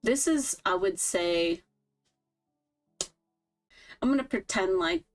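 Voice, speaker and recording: A young woman casually narrating an improvised role-play, dropping playful asides as she goes. Her pitch swings widely, with faint music playing underneath. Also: expressive. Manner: playful, laughing asides, quick character notes.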